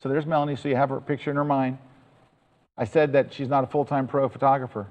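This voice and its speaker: A man's voice: medium pitch, little pitch movement, fast talker, a little mellow, in a large hall, poor audio. A man giving a chatty, enthusiastic storytelling talk to an audience as presenter.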